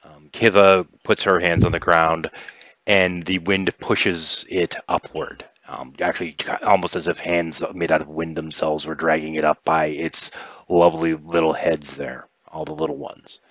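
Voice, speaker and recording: A man narrating a tabletop game as game master, in a relaxed, rambling way with fillers. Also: rumbling low, unhurried, no echo, muffled recording.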